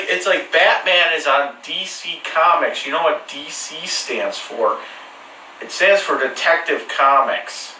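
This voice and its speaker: Man, casual profane monologue, bright tone, roomy echo with faint background noise. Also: a little high. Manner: crude, profane and joking, with many restarts. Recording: echoey room, mic far off.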